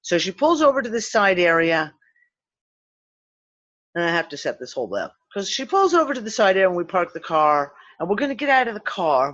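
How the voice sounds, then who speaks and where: A woman hosting a loose, casual discussion over a video call. She tells her story with lots of swearing and plays out people's lines in their voices. Her voice sits at a middle pitch, and the recording sounds a little muffled and lo-fi. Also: brisk. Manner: animated, profane, acts out quotes. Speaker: host of a spiritual discussion show. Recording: slightly dull lo-fi sound.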